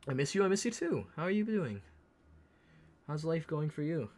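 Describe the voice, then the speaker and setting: A man streaming live and chatting casually with his viewers while he paints a miniature, swearing often and muttering quietly as he concentrates. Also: fairly high pitch, moderate pace. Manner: relaxed, swears often, talks to chat while working.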